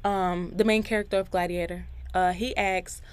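A woman's voice: lowish voice, fairly even intonation, normal speed, clean tone. Chatty young woman hosting a podcast. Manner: chatty and candid, addresses listeners directly, laughs between thoughts; faith-filled, encouraging. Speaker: podcast host. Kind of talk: casual podcast monologue.

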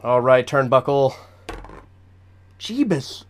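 A man's voice: mid-range voice, sing-song, takes it slowly. A man narrating as game master of a tabletop game, chatty and laughing often.

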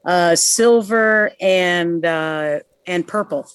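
A woman's voice: fairly low pitch, drawn-out words, clear, resonant tone, no room sound. Blunt New York woman telling stories. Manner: blunt, swears freely, acts out quotes. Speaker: guest. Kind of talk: casual storytelling chat.

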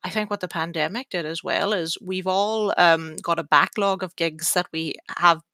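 Gravelly, chatty woman podcaster. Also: on the low side, moderate pace, sharp tone, no room sound. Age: early 30s. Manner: chatty, self-mocking, rambling with fillers. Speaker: podcast host. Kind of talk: casual chat.

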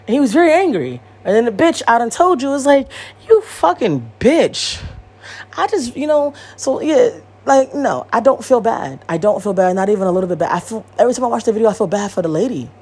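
Blunt, husky woman in her thirties. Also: on the high side, animated, fast talker, hardly any pauses, darkish tone. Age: 30s. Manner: blunt, profane and rambling, with many repeats and asides. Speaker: podcast host. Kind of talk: casual monologue.

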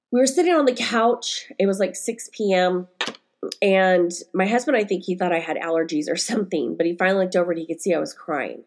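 A woman in her forties, a podcast host and life coach, records a casual solo episode about her week. Her lowish, slightly mellow voice turns emotional and nearly tearful as she rambles candidly, full of fillers and restarts.

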